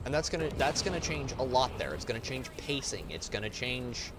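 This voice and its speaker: Animated ranting male streamer. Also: mid-range voice, fairly quick. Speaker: gaming streamer. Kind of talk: casual gameplay commentary. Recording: noisy background.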